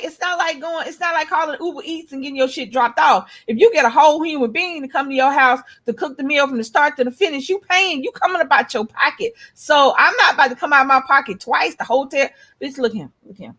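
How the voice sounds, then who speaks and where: A middle-aged woman, telling animated, profane stories in casual chat as a co-host. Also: high-pitched, a little fast. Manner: animated storytelling, blunt and profane.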